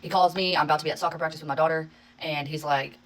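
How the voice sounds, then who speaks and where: A woman telling a story to her phone in a casual vlog, in a rapid, exasperated retelling full of swearing. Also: low voice, fairly even intonation, fairly bright tone, a little hiss or hum, low-quality recording. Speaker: social media creator.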